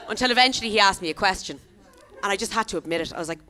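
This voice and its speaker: A woman's voice: medium pitch, rapid-fire, background noise. Irish woman doing punchy stand-up. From Ireland. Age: 30s. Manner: chatty, animated, punchy asides to the crowd. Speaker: stand-up comedian. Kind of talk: stand-up comedy set. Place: comedy club stage with a live audience.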